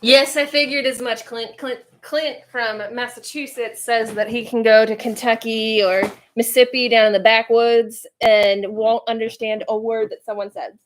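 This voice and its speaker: A woman's voice: a little high, fairly even intonation, moderate pace, hardly any pauses, a little hiss or hum. A woman from Central Virginia hosting a home livestream, chatting casually with viewers and reading their comments aloud. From Central Virginia, United States. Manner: chatty, musing, reads chat aloud. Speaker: livestream host. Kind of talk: casual chat with live viewers.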